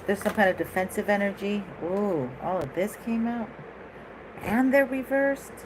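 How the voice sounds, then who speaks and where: A woman's voice: mid-range voice, normal speed, noisy background. A woman giving a casual tarot reading in a chatty, rambling way, laughing often and going off on asides. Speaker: tarot reader.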